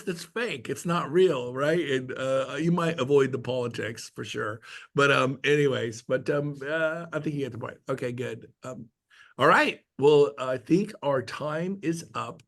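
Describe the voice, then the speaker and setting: A man's voice: medium pitch, moderate pace, a bit bright. A middle-aged man talking casually to a real estate team, telling stories and joking as he acts out quotes. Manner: chatty storyteller, jokey, acts out quotes. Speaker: guest speaker at a real estate team meeting. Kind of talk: casual talk on a video call.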